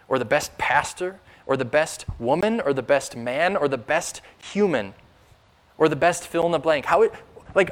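A man preaching a sermon in an earnest, emphatic way, building up through rhetorical questions. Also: a little high. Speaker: pastor.

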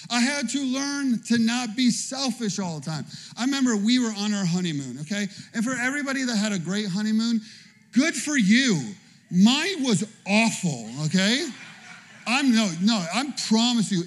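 A man in his thirties or forties preaching a sermon in a chatty, humorous way, telling personal stories and often checking in with "okay?". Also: extremely high pitch. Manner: animated, conversational preaching with frequent "okay?". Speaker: pastor.

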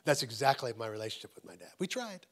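A middle-aged man preaching a sermon as a guest pastor at a church service. He repeats phrases for emphasis and swings between urgent, raised points and hushed, near-whispered moments. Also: medium pitch, big pitch swings, quick pace.

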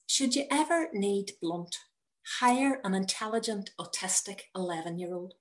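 A woman reading her own personal story aloud in a measured, wry manner. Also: medium pitch. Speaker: narrator.

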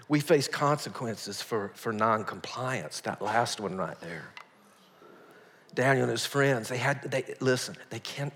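A male pastor preaching a sermon in a folksy storytelling way, swinging from hushed asides to loud outbursts. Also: medium pitch. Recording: long reverb of a large hall.

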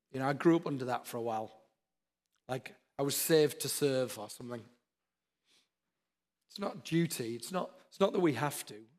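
A man's voice: a little high, a little mellow. A man preaching a sermon, with earnest, repeated exhortations. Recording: long hall reverb.

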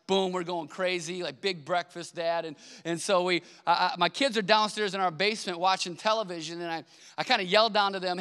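A man's voice: sits high, steady tone, a little fast, pushed and bright, clear, resonant tone, in a large hall. A man in his thirties, a pastor, preaching a conversational sermon and telling stories in a self-deprecating way.

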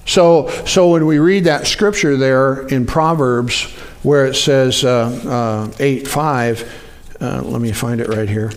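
A man preaching a sermon in a conversational way, often asking the congregation to respond. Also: a little slow. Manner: animated, jumps up in pitch for acted-out quotes. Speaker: pastor.

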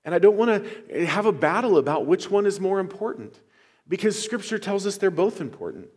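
A man pastor addresses his church in an earnest, conversational way, sharing announcements with enthusiasm. His voice sits high and is very animated and fairly quick, with a darkish tone and a breathy edge. He's in a church sanctuary, and the recording carries a long hall reverb.

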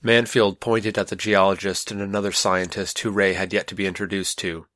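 A man with a low voice reads a story in a steady, measured way. The recording is close and completely dry, with no room echo. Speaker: narrator. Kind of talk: scripted audiobook narration.

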